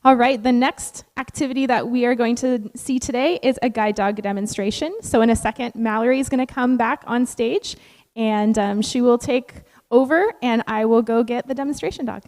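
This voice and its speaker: Woman emcee, bright announcing tone, slightly high pitch. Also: moderate pace, long reverb tail. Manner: upbeat and announcing. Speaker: event emcee.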